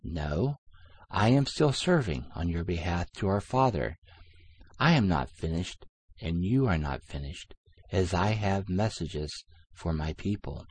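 A man reading the words of Jesus in a calm, gentle, measured way. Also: deep voice, husky, full character voice. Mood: calm, reassuring. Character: Jesus, calm gentle male divine speaker.

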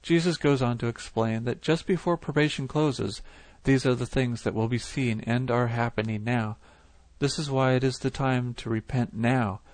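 This is a scripted reading of a religious vision, voiced by a male narrator at a middle pitch. He keeps a measured, even pace, and the audio is dry and free of echo.

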